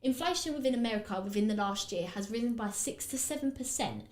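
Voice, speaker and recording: A woman's voice: a little high, lively intonation, fast talker, roomy sound, poor audio. A woman with an Essex accent hosting a podcast, chatting casually and rambling with lots of fillers while she does her makeup. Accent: Essex English. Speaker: podcast host.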